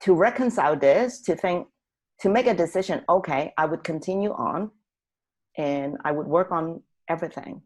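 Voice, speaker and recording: A woman guest on a talk show telling a personal story in an animated way, often laughing and acting out what people said. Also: low voice, normal speed.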